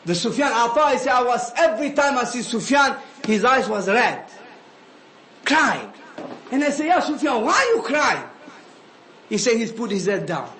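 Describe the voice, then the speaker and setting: A man giving an animated sermon, often calling listeners "habibi". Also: very high-pitched, normal speed. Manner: animated, switching between English and Arabic phrases, calling listeners "habibi". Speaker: preacher. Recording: echoey room with faint ambient noise.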